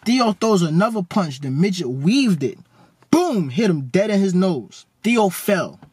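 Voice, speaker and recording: A man, telling a story in a joking, slangy, animated way. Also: high-pitched, unhurried, husky, dry recording. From New York. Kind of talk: casual storytelling.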